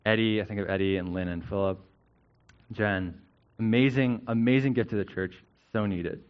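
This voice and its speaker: A man preaches to his church in a relaxed, conversational way, often pausing to ask "right?" as he explains. His voice sits fairly low. The recording sounds dull and lo-fi. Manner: conversational, often adds "right?" to check understanding. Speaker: pastor. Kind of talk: sermon teaching.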